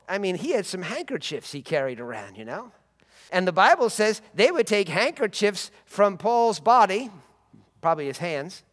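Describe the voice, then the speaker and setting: A man's voice: high voice, big-room sound. A man preaching a sermon with emphatic, repetitive phrasing and rising bursts.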